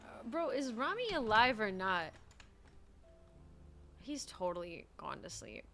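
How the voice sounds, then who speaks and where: A woman's voice: medium pitch, big pitch swings, unhurried, creaky, a bit bright. A young woman streaming a roleplay game, chatting casually, giggling often and muttering to herself. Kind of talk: casual gaming chat and in-character roleplay. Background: faint music.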